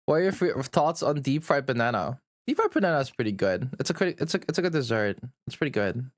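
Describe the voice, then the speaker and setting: A male streamer fires back at his chat in a blunt, profane, teasing way. His voice is of ordinary pitch and sits dry and close to the mic. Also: lively intonation, moderate pace, no echo. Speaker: livestreamer. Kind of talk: casual livestream chat.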